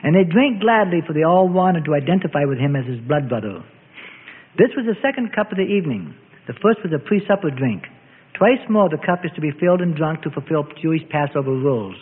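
A man tells a Bible story in a solemn, old-fashioned storytelling voice. His voice sits high and moves a lot, with a husky edge. It comes through thin and phone-like, with a long reverb. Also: animated, fairly quick. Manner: solemn storytelling with archaic phrasing. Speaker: narrator. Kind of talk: dramatic scripted Bible story narration.

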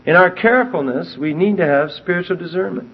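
A man giving a verse-by-verse Bible teaching, emphatic and animated as he reads scripture aloud and explains it. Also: high voice, a little fast, husky. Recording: dull lo-fi recording.

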